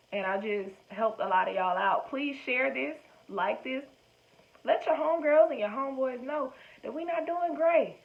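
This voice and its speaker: A woman's voice: high voice, muffled recording. A woman vlogger talking casually to her viewers, chatty and encouraging, with slangy asides. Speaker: vlogger giving dating advice. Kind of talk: casual direct-to-camera talk.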